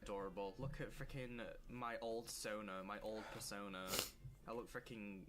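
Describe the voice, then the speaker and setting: A man's voice: lowish voice, fairly even intonation, moderate pace, a bit bright. Man, self-deprecating, sweary, casual commentary, hissy old recording. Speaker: video creator. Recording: noisy clicky old video audio.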